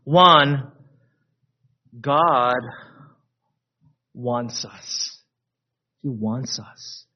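A man's voice: mid-range voice, very slow. A male preacher giving a conversational sermon, repeating key phrases and checking in with the congregation, on a dull lo-fi recording.

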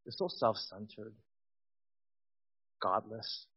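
A man in his forties giving a personal testimony in a sermon, swinging from loud emphatic bursts to quiet intimate asides. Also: lowish voice, animated, takes it slowly, slightly rough, dull audio.

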